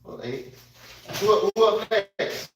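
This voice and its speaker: A man's voice: high voice, animated, slow pace, slight background noise, rough recording. A man vlogging as he cooks, chatting casually to his viewers and rambling, repeating phrases, talking slangy. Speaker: cooking vlogger.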